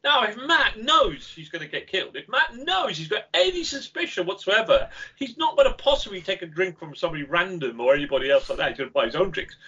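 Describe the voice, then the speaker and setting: Male podcast guest, husky, lively pitch, animated anecdotes, lo-fi audio. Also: fast talker, hardly any pauses. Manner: animated storyteller, laughs while telling anecdotes. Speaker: game company founder, podcast guest. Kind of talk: casual podcast conversation.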